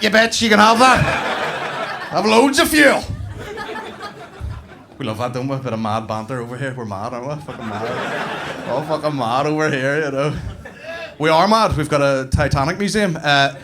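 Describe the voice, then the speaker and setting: A young man with a Northern Irish accent doing a sweary stand-up set, bantering with a live crowd. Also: fairly high pitch. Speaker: stand-up comedian. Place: comedy club stage before a live audience. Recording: live club recording with clear background noise.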